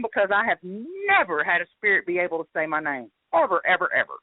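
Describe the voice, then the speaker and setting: Woman host, casual storyteller with lively quoted voices, phone-line sound, dry. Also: quick pace, hardly any pauses, dry recording. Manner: animated, jumps into high voice when quoting.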